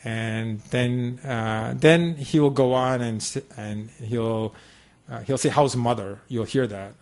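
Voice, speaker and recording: A man's voice: mid-range voice, slow pace, darkish tone. A man giving a talk to an audience at a devotional center, telling a personal story in a conversational, meandering way with many asides. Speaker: guest speaker at a devotional center.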